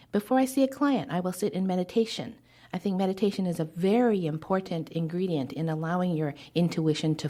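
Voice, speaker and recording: A woman advising as a podcast guest, telling stories with animated acted-out dialogue and dropping to a hushed whisper now and then. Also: fairly low pitch. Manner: animated storyteller who acts out quoted dialogue. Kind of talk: podcast interview storytelling.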